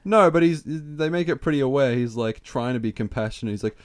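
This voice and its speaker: A man's voice: medium pitch, a little fast, no echo, studio quality. A man co-hosting a casual podcast, chiming in with his own jokes and stumbling over his restarts as he adds to the story. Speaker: podcast co-host. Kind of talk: casual chat.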